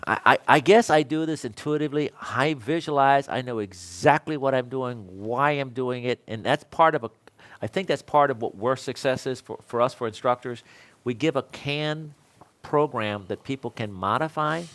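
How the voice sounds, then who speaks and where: An older man in his sixties teaches other instructors in a loose, conversational way. He rambles through anecdotes and pokes fun at himself, with an everyday mid-range pitch. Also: normal speed, fairly bright tone. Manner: rambling, self-deprecating storyteller who laughs often. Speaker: electrical code instructor. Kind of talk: casual talk to fellow instructors.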